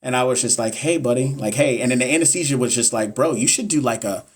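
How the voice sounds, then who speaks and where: Young man, live-stream chat, blunt, swears a lot, repeats points for emphasis, mid-pitched voice. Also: fast talker, slightly rough. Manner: blunt, profane, repetitive and emphatic. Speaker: nurse educator hosting a live stream. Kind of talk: casual live-stream chat answering viewers.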